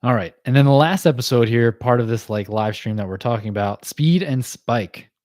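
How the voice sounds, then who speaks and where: A man hosting a casual livestream, talking through cartoon episodes with easy laughs and plenty of filler words. His voice sits at an ordinary middle pitch. The sound is dry and close, with no room around it. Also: darkish tone, no room sound. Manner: chatty, laughs often, many fillers and quick asides. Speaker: podcast host.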